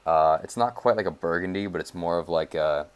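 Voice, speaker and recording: A man's voice: low-pitched, brisk, clean tone. A young man casually thinking aloud as he walks through his code in a tutorial, with lots of fillers and side remarks. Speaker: web developer. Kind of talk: casual screencast coding tutorial.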